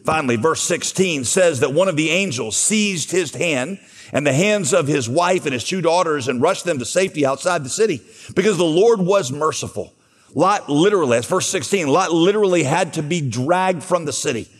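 A man's voice: a little high, expressive, normal speed. A man preaching a sermon, telling a Bible story and voicing its dialogue as he goes. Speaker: pastor. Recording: long hall reverb.

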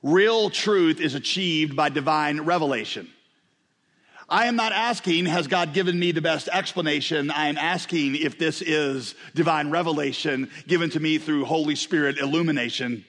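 A man's voice: on the high side, normal speed, fairly bright tone. A male pastor preaching an emphatic sermon, built on rhetorical questions and repetition. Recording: reverberant hall recording.

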